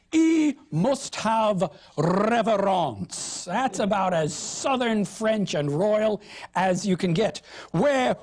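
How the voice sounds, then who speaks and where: Lady lecturer, super expressive, pitch jumping all over, slow and a bit husky. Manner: animated, expressive, with emphatic stresses. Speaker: literature lecturer. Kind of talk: recorded lecture.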